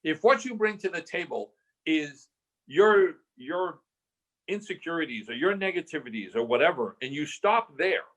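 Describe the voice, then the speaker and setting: A man's voice: fairly high pitch, expressive, moderate pace, fairly bright tone. An older man guest from Southern California telling a story in a podcast interview, acting out the voices he quotes and restarting his phrases often.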